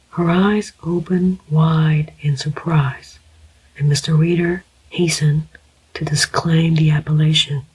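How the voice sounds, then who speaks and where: An audiobook narrator reading a thriller in a soft, even whisper up close, as whispered role-play. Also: mid-range voice, slow, husky, poor audio.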